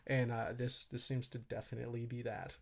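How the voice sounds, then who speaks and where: A man co-hosting a casual gaming podcast, retelling game scenes in a relaxed way with hesitant fillers. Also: mid-range voice, brisk, vocal fry. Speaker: podcast co-host.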